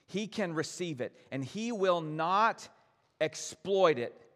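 A man preaching a sermon as pastor, gentle and earnest, addressing his congregation directly. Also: high voice, lively intonation, slow pace, big-room sound.

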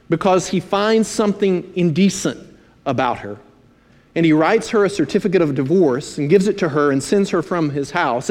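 A man preaching a sermon, emphatic, slowing to stress key phrases and dropping in dry asides. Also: a little high, a little mellow. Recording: long hall reverb.

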